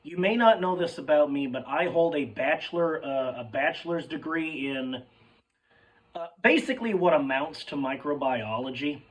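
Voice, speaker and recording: A man's voice: a little high, lively intonation, normal speed, far from the mic, poor audio. A man in his thirties talking casually in a rambling, self-deprecating monologue with emphatic repetitions. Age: 30s.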